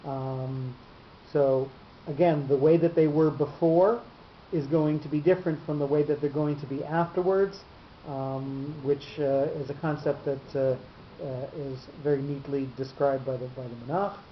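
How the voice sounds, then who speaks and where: A man teaching a class on reading marks. He pauses a lot and stumbles over repeated words. The room is echoey, and the recording sounds muffled under a faint hiss. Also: a little high, steady tone. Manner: halting, many fillers and repeated words. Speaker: Torah teacher. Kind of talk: explaining cantillation marks in a class.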